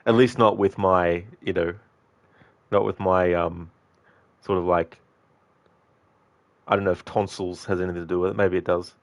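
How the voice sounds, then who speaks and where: A man's voice: low voice, fairly even intonation, normal speed, long pauses, dry recording. A man streaming a game, rambling casually to his viewers, answering them and swearing freely. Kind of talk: casual live-stream chat.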